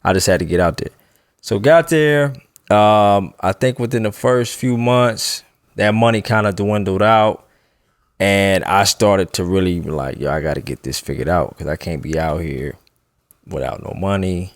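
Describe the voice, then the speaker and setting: A man's voice: deep voice, moderate pace, no echo, studio quality. A man casually telling a long personal story on a podcast, loose and laughing as he goes. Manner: laid-back, laughs while telling a story. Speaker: podcast co-host.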